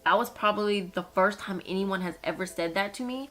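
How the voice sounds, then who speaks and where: Young woman, from Minnesota, bright forward voice, blunt story-time delivery with swearing. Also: mid-range voice, brisk, few pauses. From United States (Minnesota). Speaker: nail technician and vlogger.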